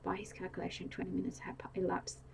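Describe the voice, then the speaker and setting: Lady whispering a bedtime story real slow and hushed, kinda low and flat. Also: vocal fry, slight background noise, low-quality recording. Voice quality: soft whispery delivery. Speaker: audiobook reader.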